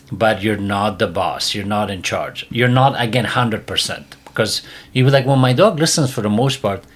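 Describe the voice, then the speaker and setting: A man hosting a casual podcast and giving dog training advice, emphatic and repetitive, often dropping his voice low and quiet.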